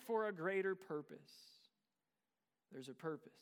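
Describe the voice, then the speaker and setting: A man in his thirties preaching a sermon in a high, smooth, resonant voice. He talks conversationally and tells a story, asking the listeners rhetorical questions. The sound rings with the long reverb of a large hall. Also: moderate pace, fairly bright tone. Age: 30s. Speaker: pastor.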